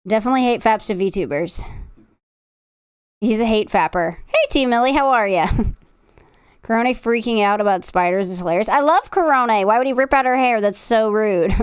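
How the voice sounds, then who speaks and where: A woman's voice: fairly high pitch, normal speed, smooth, no room sound, studio quality. A woman streamer chatting casually through a reaction stream, teasing and crude, laughing often.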